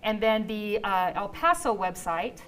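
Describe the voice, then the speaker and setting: A woman's voice: mid-range voice, expressive, unhurried, fairly bright tone, a little hiss or hum, rough recording. A woman hosting a medical talk show from a TV studio, chatting casually and joking at her own expense. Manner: chatty, joking, self-deprecating.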